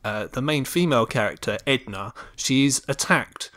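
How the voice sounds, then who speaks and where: An English man talks films in a relaxed, slightly hesitant way, often pausing on ums. His voice is mid-pitched for a man. The recording is dry and close. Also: no room sound. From England. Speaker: podcast co-host. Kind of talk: casual film review chat.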